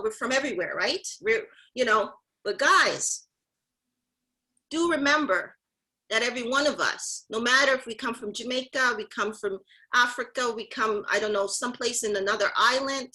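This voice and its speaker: In a low-quality recording, a woman with a fairly high, pushed, bright voice gives a motivational talk to a mentorship group. She's emphatic and direct, often repeating phrases and calling out to her listeners.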